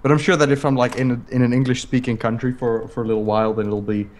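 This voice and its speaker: Casting note: South African-accented man, mid-pitched, teasing co-host on a live stream. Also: little pitch movement, fast, darkish tone. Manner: blunt and teasing. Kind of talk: casual chat on a livestream.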